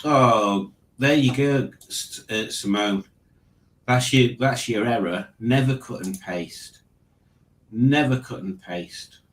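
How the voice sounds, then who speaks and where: Reading questions aloud for a casual online quiz, a Liverpudlian host wryly pokes fun at them. His mid-range voice is slow, captured in a rough recording with a roomy sound.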